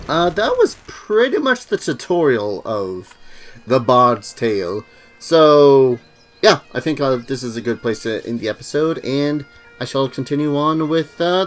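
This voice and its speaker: A man's voice: a little high, big pitch swings, unhurried. A man casually commenting on a video game as a let's play host, joking and rambling.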